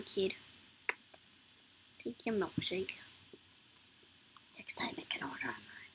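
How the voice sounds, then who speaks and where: A woman live-streaming a game, chatting excitably and swinging between sudden shouts and whispers. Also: medium pitch, a little slow, long pauses, low-quality recording. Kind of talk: live-stream gameplay chat.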